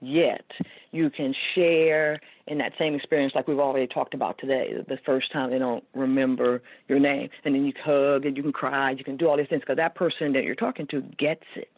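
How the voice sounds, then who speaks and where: A woman's voice: a bass voice, fairly even intonation, brisk, no room sound. A woman author speaking as a guest in a casual interview, talking earnestly with many fillers. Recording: tinny phone-line audio.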